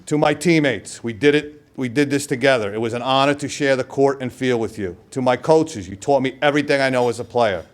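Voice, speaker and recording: This middle-aged New Yorker accepts a hall of fame honor through storytelling, mimicking the voices of those he quotes and letting asides trail off. His mid-range voice runs a little fast, with hardly any pauses.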